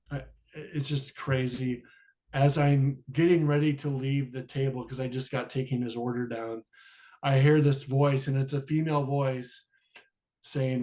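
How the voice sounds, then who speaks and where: A man telling a personal story as a podcast guest, animated and acting out the dialogue. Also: medium pitch.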